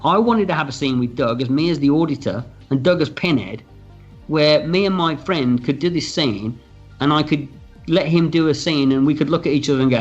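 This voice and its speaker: A man, a film writer and director, tells behind-the-scenes stories in an interview. He talks in a lively, candid way, acts out quoted dialogue and swears freely. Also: fairly high pitch. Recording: slightly dull lo-fi audio with faint music.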